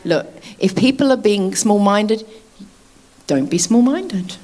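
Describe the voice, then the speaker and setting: A woman's voice: medium pitch, animated, takes it slowly, a little mellow. A woman preaching a sermon in a chatty way, laughing often and asking her listeners to agree.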